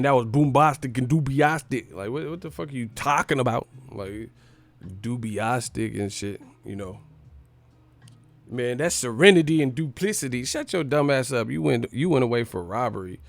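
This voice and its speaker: A man's voice: lowish voice, creaky, no room sound. A man hosting a livestream, ranting in a comic, profane and mocking way. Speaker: livestream host. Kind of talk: comedic livestream rant.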